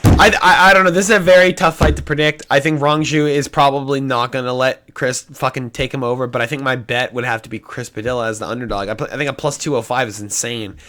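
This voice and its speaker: Indecisive, foul-mouthed young man with a bright voice. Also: mid-range voice, steady tone, fast. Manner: indecisive, swears often, flips picks. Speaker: MMA prediction YouTuber. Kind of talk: casual solo prediction talk.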